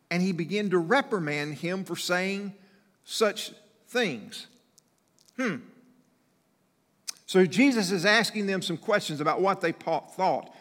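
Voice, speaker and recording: A man preaching a sermon, animated, acting out the people in the story as he goes. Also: a little high, unhurried, long reverb tail. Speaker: pastor.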